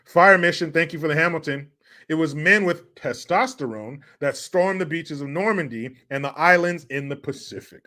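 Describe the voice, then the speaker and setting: A man's voice: a little high, moderate pace, sharp tone. A man from the United States chatting casually as a live streamer, rambling and joking, swearing freely. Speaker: live streamer reading donations. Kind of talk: casual chat.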